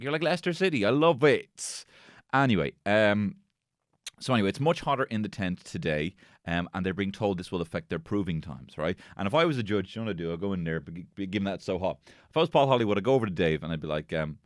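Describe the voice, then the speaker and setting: A man's voice: fairly low pitch, expressive, quick pace, dry recording, studio quality. A man hosting a solo comedy podcast, rambling, swearing and joking as he recaps. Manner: sweary, rambling, jokey, bursts into silly voices. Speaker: podcast host.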